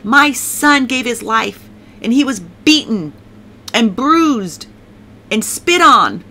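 Bright-voiced woman giving emotional testimony. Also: on the high side, animated, slow. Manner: emotional, repeats words, many restarts. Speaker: Christian testifier. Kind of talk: personal testimony talk.

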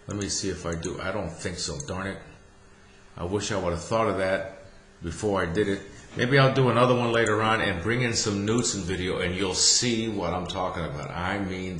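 A man's voice: deep voice, a bit bright, roomy sound, a little hiss or hum. A middle-aged man, a golf instructor, gives a folksy, chatty swing analysis over video and keeps asking "see?".

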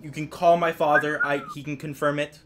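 A man voicing a soft-spoken young crown princess. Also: fairly high pitch, flat delivery, brisk, natural voice. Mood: composed.

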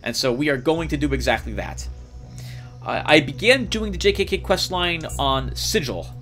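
A man hosting a let's play, chatting casually and rambling excitedly as he plays, laughing often. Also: on the high side, moderate pace, faint music behind. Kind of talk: casual gameplay commentary.

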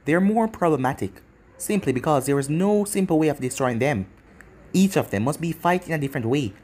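Casting: a stern, no-nonsense demon hunter girl, lively phrasing, read by a man. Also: on the high side, fairly quick. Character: mysterious young female demon hunter, stern instructor.

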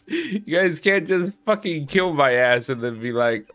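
A male streamer swears and grumbles his way through a punishing shooter, often jumping into shouts. He talks at an unhurried pace in a middle-range voice, and faint music plays under him. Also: medium pitch. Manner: frustrated, swearing, yelling at the game. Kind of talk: casual gameplay commentary.

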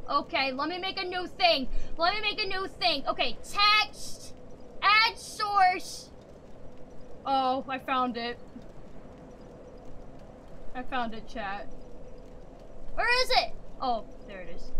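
Brash, foul-mouthed woman streamer with a very high voice, chatting at her viewers over a noisy home mic. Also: expressive, a little slow, long pauses. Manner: brash, joking, swearing, talking to chat.

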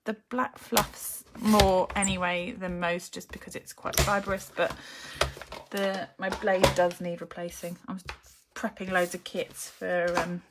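A woman's voice: on the low side, level tone, measured pace. A woman chatting through a live-streamed craft tutorial. She thinks aloud with many ums and greets viewers by name as she works. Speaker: papercraft demonstrator. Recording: clear background noise.

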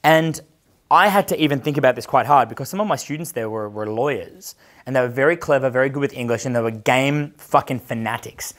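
A man's voice: medium pitch, fairly quick, a bit bright. Swearing, joking male dating coach. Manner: swears freely, laughs at own stories. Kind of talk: casual coaching talk to a live group.

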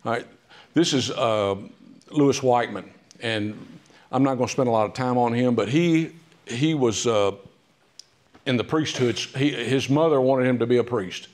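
A man's voice: medium pitch, unhurried, a little mellow. Chatty male author telling history. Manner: chatty, humorous, with frequent "uh" fillers. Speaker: author giving a talk. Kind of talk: casual storytelling talk. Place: public library meeting room.

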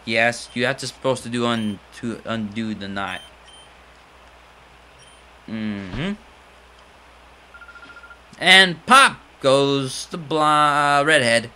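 A man's voice: mid-range voice, takes it slowly, pauses often, sharp tone, a little hiss or hum. A man giving casual video game commentary, full of rambling, jokey asides. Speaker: let's player.

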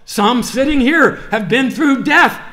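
High bright-voiced male pastor preaching. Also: measured pace. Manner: swings from quiet asides to fervent, rising preaching. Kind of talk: sermon. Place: church sanctuary. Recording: roomy church reverb.

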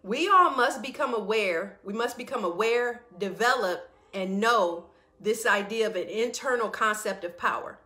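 A woman hosting a casual morning live stream. She greets viewers by name and hypes them up, then turns slow and reflective when reading her notes. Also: medium pitch, animated, bright, forceful tone, echoey room.

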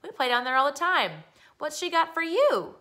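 A woman doing an excitable show-off boy. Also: sits high, moderate pace, voice pushed up, heavily acted. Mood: chatty. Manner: excited, boasting, calling out. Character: eager reckless young boy, show-off.

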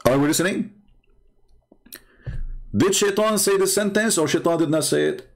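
Argumentative man with a gravelly voice. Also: sits high. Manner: argumentative, halting, many fillers and restarts. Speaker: religious commentator. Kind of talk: unscripted screen-share talk.

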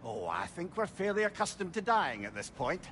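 A man's voice: high voice, big pitch swings, normal speed, creaky, fairly bright tone, a little hiss or hum, full character voice. An actor playing a witty, talkative male companion in a video game, dry and wry. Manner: wry, chatty.

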